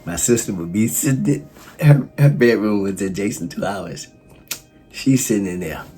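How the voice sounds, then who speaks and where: A man's voice: lowish voice, expressive, moderate pace. A man, telling a personal story and laughing often. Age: 60s. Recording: guitar music underneath. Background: guitar music.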